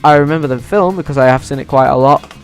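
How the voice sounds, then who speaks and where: A man ranking movies in a casual vlog, excitable and swearing freely. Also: mid-range voice, quick pace, soft background music. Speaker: YouTuber.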